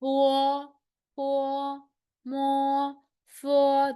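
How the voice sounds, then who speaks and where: A woman's voice: high voice, level tone, drawn-out words. A woman teaching a pronunciation lesson, stretching out single syllables for learners to repeat and explaining each step patiently. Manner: patient, gently repetitive explaining. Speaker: language teacher.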